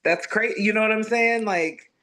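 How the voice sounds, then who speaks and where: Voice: medium pitch, normal speed, bright, forceful tone. A podcast co-host in casual chat, mostly chiming in with short agreeing replies. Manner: brief agreeing interjections.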